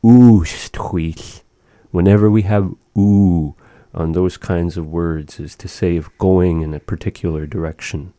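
A man's voice: low-pitched, fairly even intonation, moderate pace, few pauses, mellow, no echo. A man teaching words and phrases of a language, patiently explaining grammar to a learner.

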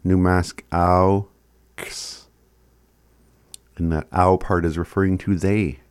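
Slow, deep-voiced man teaching phrases. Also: flat delivery, clear, resonant tone, dry recording. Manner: chuckles often, sounds out words slowly. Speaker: language teacher. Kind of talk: casual recorded lesson.

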